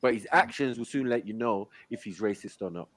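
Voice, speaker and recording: A man from London hosting a casual live panel chat, emphatic, often dropping to low murmurs. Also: brisk, a bit bright, dry recording. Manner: emphatic, drops to low murmurs, frequent "you know what I mean".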